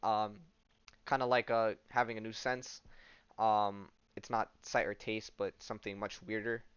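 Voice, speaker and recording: A podcast host retelling a comic story casually, with lots of fillers and offhand asides. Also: male voice, lowish voice, flat delivery, measured pace, clean tone, muffled recording.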